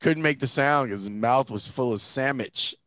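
A man's voice: medium pitch, moderate pace, noisy background. A man, a guest on a podcast, exclaiming in disbelief and arguing his points. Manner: incredulous, exclaiming, then arguing. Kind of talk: casual podcast banter.

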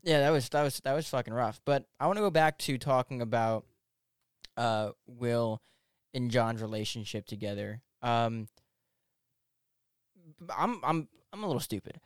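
Animated man hosting a podcast. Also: mid-range voice, smooth, no room sound, studio quality. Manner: animated, swearing, quick laughs. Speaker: podcast host. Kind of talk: casual podcast chat.

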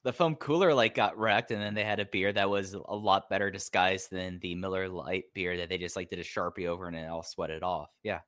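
A man's voice: low-pitched, steady tone, a little fast, hardly any pauses, fairly bright tone, no room sound, studio quality. A man co-hosting a casual podcast, talking enthusiastically and rambling with lots of filler words. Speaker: podcast co-host. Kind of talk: casual chat.

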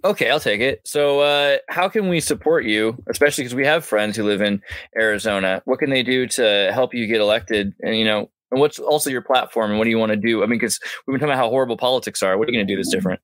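A man's voice: mid-range voice, quick pace, fairly bright tone, no room sound. A man hosting a casual podcast interview, enthusiastic, joking and full of praise. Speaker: podcast host.

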